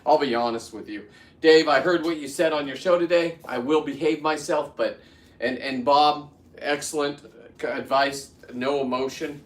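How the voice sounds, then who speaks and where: A man's voice: on the high side, moderate pace, reverberant, far from the mic. A man in his fifties talking casually to camera while he works, rambling with many restarts and getting worked up as he goes. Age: 50s. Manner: rambling, restarts, heats up into ranting. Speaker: vlogger.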